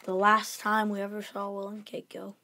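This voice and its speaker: A woman's voice: mid-range voice, monotone, moderate pace, bright, forceful tone, a little hiss or hum. A woman co-hosting a podcast, chatting casually and giggling as she acts out scenes. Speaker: podcast co-host. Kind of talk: casual chat.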